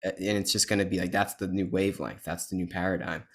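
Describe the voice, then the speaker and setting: A man's voice: deep voice, level tone, quick pace, fairly bright tone. A man hosting a podcast, talking in an earnest, emphatic way in a casual conversation. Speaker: podcast host.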